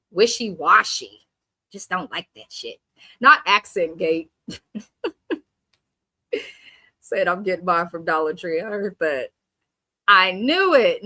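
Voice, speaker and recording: Sassy lady doing a live recap stream, bright sharp voice, dry close sound. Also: mid-range voice, no room sound. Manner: blunt, sassy, reads chat aloud; mimics cast members in exaggerated voices. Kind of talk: casual live reaction commentary.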